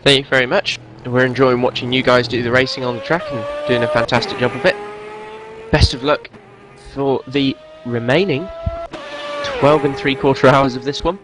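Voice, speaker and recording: A man commentating a sim race live, polite and steady. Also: mid-range voice, normal speed, over music. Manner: polite, steady, mildly apologetic.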